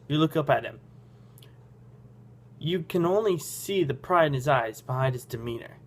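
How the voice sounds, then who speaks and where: A man reading a story game aloud to his viewers, goofy and self-mocking. His pitch swings widely. He laughs at his own stumbles as he goes. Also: lively intonation, moderate pace, long pauses. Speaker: game channel host.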